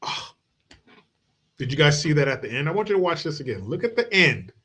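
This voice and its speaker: A man's voice: a little high, very animated, brisk, a bit bright, slightly rough. Blunt, mocking male podcast host. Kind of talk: political commentary rant.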